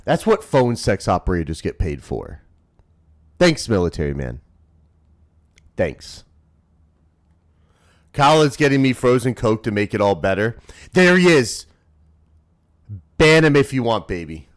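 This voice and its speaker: A male streamer in his thirties, talking off the cuff to his live chat. His pitch jumps all over the place, from booming shouts down to quiet muttering, and he is crude and teasing throughout. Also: big pitch swings, a little slow, long pauses. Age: 30s. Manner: rowdy, profane, teasing, swings between loud shouts and low mumbles.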